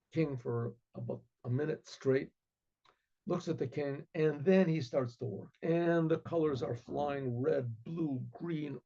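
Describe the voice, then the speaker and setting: A rabbi tells a story in a sermon with vivid, animated delivery and frequent restarts. His voice is gravelly and fairly high for a man. The recording sounds dull and lo-fi.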